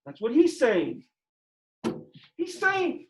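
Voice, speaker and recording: Animated, joking classroom teacher. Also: male voice, sits high, moderate pace. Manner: animated, joking, rising to near-shouting. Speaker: high school geometry teacher. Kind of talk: classroom lecture.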